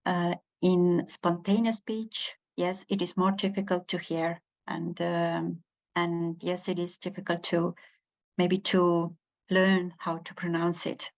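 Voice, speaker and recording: Slow, hesitant woman lecturing. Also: fairly low pitch, flat delivery, vocal fry. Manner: hesitant, many pauses and fillers. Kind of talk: university lecture. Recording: dull lo-fi recording.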